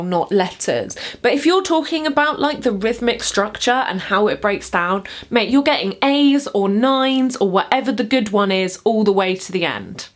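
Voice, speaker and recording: Chatty woman teaching poetry. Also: medium pitch. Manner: chatty and expressive, chants rhythms aloud. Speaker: poetry teacher and video host. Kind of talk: casual explainer lesson.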